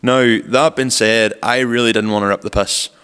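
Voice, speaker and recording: Rambling podcast host. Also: male voice, mid-range voice, steady tone, moderate pace, a bit bright, clean tone, big-room sound. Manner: rambling storyteller, lots of "like" fillers. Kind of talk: casual chat.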